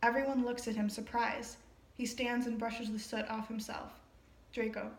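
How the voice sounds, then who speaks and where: A woman's voice: on the high side, level tone, normal speed. Chatty woman reading with rambling asides. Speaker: reader and commentator. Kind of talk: casual play reading with commentary. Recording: roomy echo.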